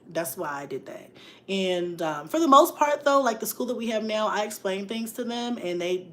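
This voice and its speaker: Candid laughing woman, lowish voice. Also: a little hiss or hum. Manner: frank, emotional, laughs often, reads viewer comments. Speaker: mom vlogger on a livestream. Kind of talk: candid livestream chat.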